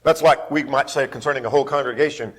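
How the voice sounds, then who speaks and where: A man's voice: medium pitch, fairly even intonation, quick pace. A man teaching a Bible class, emphatic, repeating key phrases and putting questions to the class.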